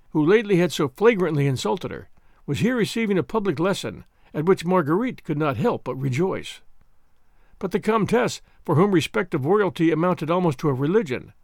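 A man reading a classic novel aloud as an expressive, theatrical narrator. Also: a little high, no echo, clean studio sound. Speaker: audiobook narrator. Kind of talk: scripted narration.

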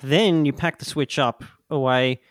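A man's voice: medium pitch, a little slow, no room sound. A man joining a comedy podcast chat, playful and joking. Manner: playful, hums tunes.

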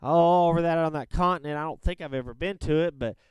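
A man's voice: on the high side, fast talker, clean tone, no room sound, lo-fi sound, close to an everyday voice. A man playing a brash, rambling rich caller going through a divorce, speaking in a put-on Southern drawl with crude, folksy boasting. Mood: boastful. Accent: fake Southern American drawl. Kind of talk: comedic prank call-in sketch.

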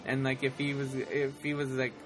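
A man chatting casually as a podcast co-host, rambling and excitable, laughing often. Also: medium pitch, moderate pace, music in the background. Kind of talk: casual chat.

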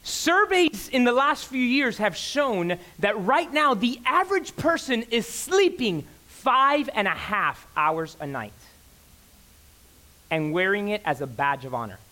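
A man in his thirties preaching a sermon in church, emphatic and excitable, repeating phrases for effect. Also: high-pitched, unhurried. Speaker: pastor. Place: church sanctuary.

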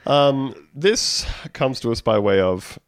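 A man's voice: mid-range voice, big pitch swings, unhurried, creaky, dry recording, studio quality. A man co-hosting a casual comedic podcast, reading news aloud wryly and laughing mid-sentence. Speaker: podcast co-host.

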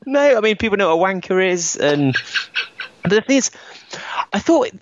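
A man's voice: high-pitched, big pitch swings, normal speed, muffled recording. A man, co-hosting a casual podcast with joking, playful banter. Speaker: podcast co-host. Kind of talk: casual chat.

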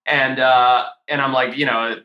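A man telling a story as a podcast guest, animated and casual, swearing freely and filling his talk with "like" and "you know.". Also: medium pitch, a little slow, echoey room, highs cut off. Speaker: podcast guest, shark diver.

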